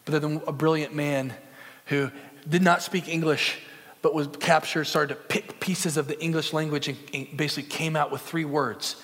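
Young male pastor, earnest conversational sermon, lightly raised pitch, long hall reverb. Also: steady tone, moderate pace, fairly bright tone. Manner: earnest, conversational with film references.

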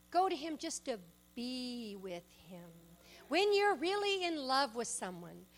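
A woman preaching a sermon, emphatic, shifting between loud exhortation and soft asides and personal stories. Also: high-pitched. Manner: tells personal stories, acts out quoted speech.

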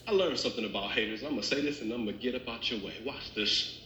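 A man's voice: mid-range voice, quick pace, pushed and bright, echoey room, a little hiss or hum, poor audio. A man preaching a sermon as pastor, building to fervent climaxes.

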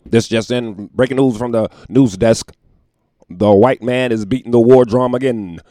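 A man's voice: medium pitch, normal speed, mellow, no echo, studio quality, voice pushed up, natural voice. A man voicing a pompous male TV news anchor with an emphatic, announcing delivery.

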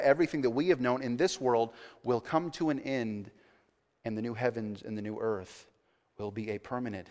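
A man preaching a sermon as pastor, earnest, rising to emphatic swells and dropping to quiet asides. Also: medium pitch. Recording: long church reverb.

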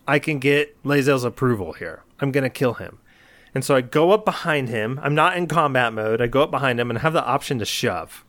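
A man co-hosting a podcast, telling an animated story in casual chat and acting out his own lines. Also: mid-range voice, no room sound. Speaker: podcast co-host.

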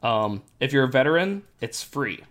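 A man hosting a casual podcast chat, explaining things in a relaxed way with many fillers while his voice is going hoarse. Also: medium pitch, moderate pace. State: losing his voice. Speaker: podcast host.

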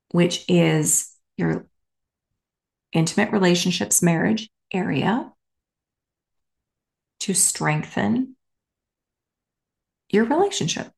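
A woman podcast host telling a personal story in a candid, animated way with casual asides. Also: on the low side, gravelly, echoey room.

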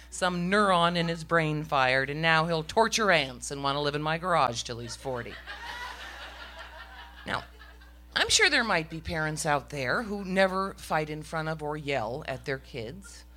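A woman's voice: sits low, animated, a little slow, sharp tone. A middle-aged woman telling a story on stage to a live audience, with a wry, self-mocking comic delivery.

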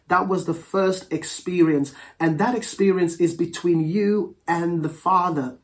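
A preacher giving a Pentecostal sermon, reading scripture slowly and praying aloud in an earnest, measured cadence, and calling on the congregation to respond. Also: mid-range voice, darkish tone.

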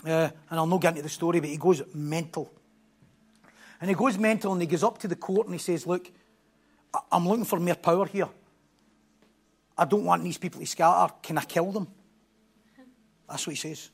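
Man, preacher, sermon, high-pitched, emphatic repetition. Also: brisk, gravelly, long pauses, husky.

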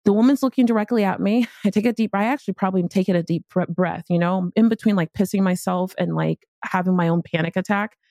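A woman podcast host and business speaker telling a personal story in an animated, casual, slangy way. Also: medium pitch, quick pace, few pauses, no echo, studio quality. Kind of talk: storytelling motivational talk.

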